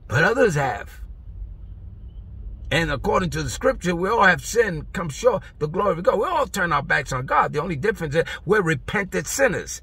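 Male preacher, high and bright, husky edge, exuberant shouting delivery. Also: sing-song, moderate pace, long pauses. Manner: exuberant, shouting bursts, playful scat sounds. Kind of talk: energetic street-style sermon.

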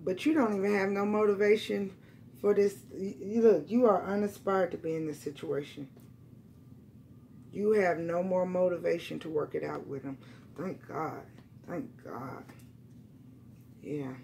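A woman reading tarot cards for her viewers, blunt and profane, repeating lines for emphasis and swinging between loud outbursts and quiet, emotional asides. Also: medium pitch, fairly even intonation, normal speed, creaky, a little hiss or hum. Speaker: tarot reader.

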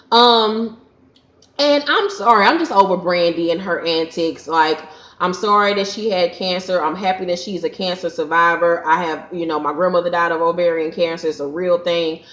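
A woman recapping a reality TV episode in a casual, opinionated vlog, blunt, sassy and heavily profane. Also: lowish voice. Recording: roomy, dull lo-fi recording.

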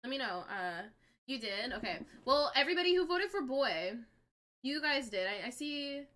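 Bright, excitable young woman streamer. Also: high voice, moderate pace. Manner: chatty, excitable, reacts aloud. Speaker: game streamer. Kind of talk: live-stream gameplay chat with viewers.

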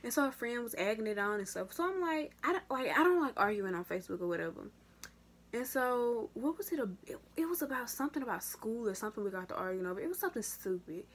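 A young woman vlogger telling a casual story to her viewers, slangy and animated, with big jumps in pitch and loudness. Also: quick pace, slightly rough. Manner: addresses viewers as y'all. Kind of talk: casual story time vlog.

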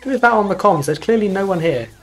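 A man's voice: high voice, animated, fast, soft background music. Wry British man gaming with friends. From Britain. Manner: chatty, rambling, wry. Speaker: gamer streaming with friends. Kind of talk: casual gameplay chat.

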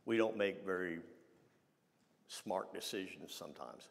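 A man's voice: sits low, creaky. Preacher man in a reverberant church hall. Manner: conversational, halting with many restarts. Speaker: pastor. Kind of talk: sermon. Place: church sanctuary.

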